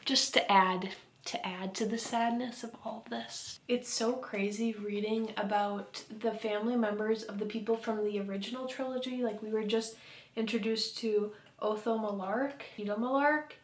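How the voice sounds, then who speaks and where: Female book vlogger, hushed and chatty, slightly high, level intonation. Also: fairly even intonation, normal speed. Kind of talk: casual reading vlog chat.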